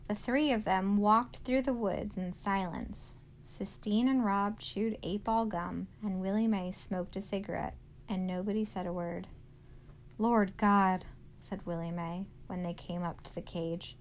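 A woman teacher reading chapters of a novel aloud at a slow, careful pace. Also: mid-range voice, fairly even intonation, a little hiss or hum, rough recording.

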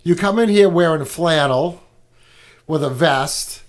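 A man's voice: a little high, takes it slowly. A man hosting a casual podcast from a garage studio, telling loose, profane stories and teasing his guests. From New England. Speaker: podcast host.

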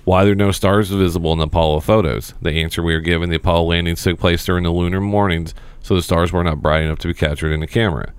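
A man's voice: deep voice, fairly even intonation, fast talker, hardly any pauses, clear, resonant tone, dry recording. A man hosting a casual podcast chat, who swears freely and reads items aloud for the others. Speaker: podcast host.

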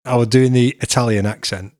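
A man's voice: medium pitch, steady tone, a little fast, darkish tone, no room sound, clean studio sound. A middle-aged man, hosting a podcast and chatting casually with his son, laughing often. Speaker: podcast host.

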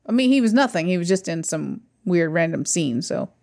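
A woman's voice: on the low side, lively intonation, fairly quick, darkish tone. Playful chatty woman podcast co-host. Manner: chatty, laughs often, playful teasing. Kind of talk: casual chat.

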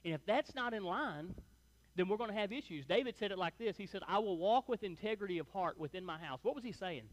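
High-voiced man preaching casually. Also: lively intonation, fast talker, long reverb tail. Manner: conversational, folksy, tag questions like "right?" and "man". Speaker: pastor. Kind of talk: sermon. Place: church sanctuary before a congregation.

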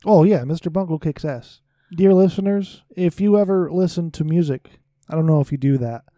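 A man's voice: on the high side, moderate pace, warm tone, no echo. A man co-hosting a casual podcast, joking and teasing his co-host and swearing freely.

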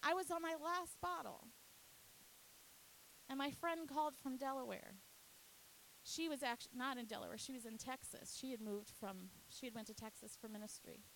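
A woman's voice: high-pitched, normal speed, fairly bright tone, slight background noise, poor audio. A woman, a youth pastor, earnestly telling a personal faith testimony, at times emotional. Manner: earnest storytelling, often emotional.

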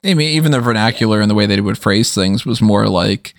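A man co-hosts a wrestling podcast in a low, gravelly voice. He talks in a loose, animated way, swearing and laughing freely. The recording is close and dry. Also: brisk, no room sound. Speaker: podcast co-host. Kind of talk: casual wrestling discussion.

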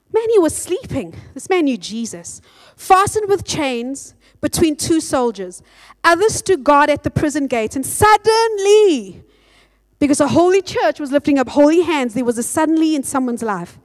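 A woman pastor with a bright, high-pitched voice preaches with lively energy. She reads scripture aloud and acts out the quotes as she goes. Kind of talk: sermon.

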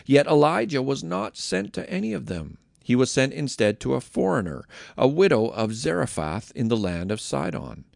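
Gravelly man reading scripture. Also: mid-range voice, no echo, clean studio sound. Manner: measured, expressive storytelling. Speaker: Bible reader and podcast host. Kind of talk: scripture reading and devotional commentary.

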